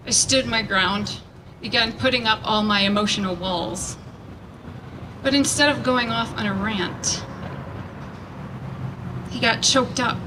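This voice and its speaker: A woman reading a prepared speech at a rally, earnest and measured, picked up from a distance outdoors. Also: medium pitch. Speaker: rally speaker. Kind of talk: prepared speech read aloud. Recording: distant mic with background noise.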